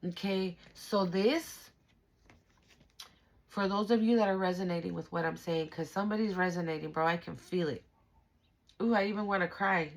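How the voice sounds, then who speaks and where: A woman's voice: lowish voice, normal speed, pauses often. A woman giving a spiritual tarot reading straight to the viewer, emphatic and slangy, with frequent swearing. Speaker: tarot reader.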